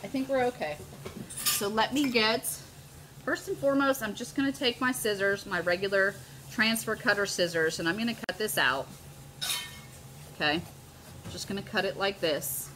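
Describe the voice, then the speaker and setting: A woman's voice: mid-range voice, normal speed, long pauses, background noise. A middle-aged woman hosting a live crafting demo, bubbly and gushing as she chats with her viewers. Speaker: host of a live crafting stream.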